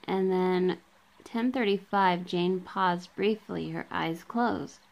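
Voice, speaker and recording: A woman's voice: fairly low pitch, slow pace, vocal fry, lo-fi sound. A woman vlogger reading passages of a book aloud to her viewers, marking each quote and end quote, with casual asides and frequent ums, recorded on a camera she holds herself. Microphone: handheld camera.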